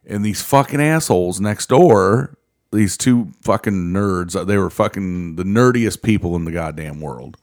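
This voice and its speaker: A man's voice: deep voice, animated, measured pace, darkish tone. A man in his thirties telling heated, profanity-laden stories in casual chat.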